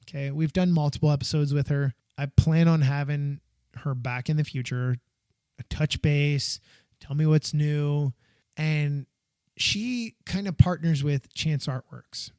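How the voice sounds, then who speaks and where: Excitable American man hosting a podcast. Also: a little high, unhurried, smooth, no echo, studio quality. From United States. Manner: rambling, heartfelt and excitable, voice jumping up when enthused. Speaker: podcast host. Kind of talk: solo podcast monologue.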